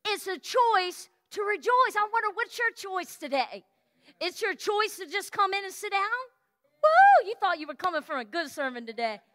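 Female pastor, very high bright voice, lively storytelling sermon with shouts and sung lines. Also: brisk, slight background noise. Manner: animated storytelling sermon, exclamations, sings snippets. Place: church sanctuary.

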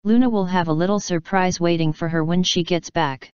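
A woman's voice: on the low side, a little fast, a little mellow, smooth, no room sound, muffled recording, close to an everyday voice. A woman voicing a playful, theatrical male chaos creature, reading his lines in a storybook reading. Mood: teasing. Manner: playful, flamboyant, teasing. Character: ancient chaotic male spirit creature, theatrical.

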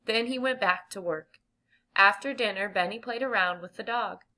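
Bright-voiced woman reading a storybook. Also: mid-range voice, moderate pace. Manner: clear, even reading pace with gentle emphasis. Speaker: audiobook reader. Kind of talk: children's storybook narration.

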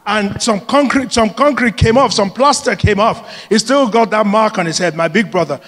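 A male pastor preaches with a notably high voice, mixing scripture with lively personal stories and frequent laughter. His words ring out with the long reverb of a large church hall. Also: moderate pace. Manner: lively, laughs often while telling stories. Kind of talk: sermon with personal storytelling.

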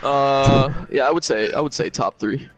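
A man's voice: medium pitch, normal speed. A man, a fellow player, chatting casually and laid-back over voice chat. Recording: dull lo-fi voice chat.

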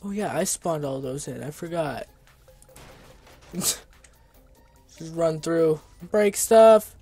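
Excitable man yelling through a let's play. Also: on the high side, slow pace, faint music behind. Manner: excitable, yelling at the game, frequent outbursts. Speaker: gaming video creator.

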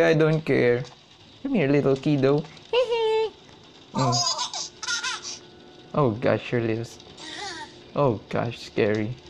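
Goofy let's-play commentator, drawn-out delivery, sudden shrieks, faint music underneath. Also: medium pitch. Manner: excitable, shrieking exclamations and goofy teasing. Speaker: gaming video creator. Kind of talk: playthrough commentary.

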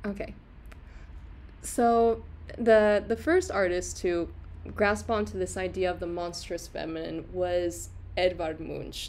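A woman's voice: medium pitch, a little mellow. Chatty woman hosting an art lecture. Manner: chatty, laughs often, many fillers and restarts; reads and answers viewer comments. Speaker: host giving an art lecture. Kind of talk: casual livestream lecture.

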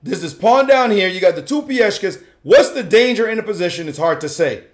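A man's voice: high-pitched, animated, fairly quick. A man analyzing a chess game in a playful, slangy way, laughing often as he goes. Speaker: chess commentator.

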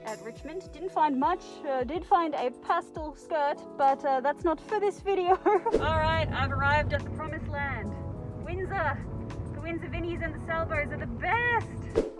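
A woman with an Australian accent chatting casually through a thrift haul vlog, bubbly and full of quick asides. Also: high-pitched, expressive. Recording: echoey room, faint music behind.

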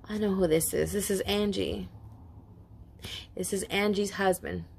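A woman talks through a tarot reading in a loose, chatty way. She gets emotional, drifts into asides and swears now and then. Her voice sits at an ordinary middle pitch. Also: fairly even intonation, measured pace, vocal fry, pauses often, darkish tone, breathy edge. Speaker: tarot reader. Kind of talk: casual spoken tarot reading.

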